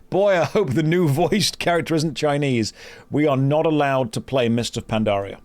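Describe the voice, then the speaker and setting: A man's voice: fairly high pitch, normal speed, a little mellow. A man streaming a game, reading quest text aloud and chatting with viewers in a sarcastic, joking way. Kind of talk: casual live-stream chat while gaming.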